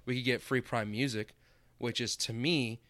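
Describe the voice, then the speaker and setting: A man's voice: mid-range voice, steady tone, normal speed, a bit bright, no room sound. A podcast co-host with a mid-range voice, teasing his partner and slipping in wry jokes. He talks casually and easily. The recording is dry and close. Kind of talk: casual chat.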